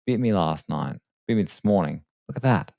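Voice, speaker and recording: A man hosting a live trading stream late at night, talking quietly and casually with self-deprecating asides. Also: low voice, expressive, normal speed, creaky, no echo. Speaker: trading livestream host. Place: home desk at night. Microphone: desk microphone.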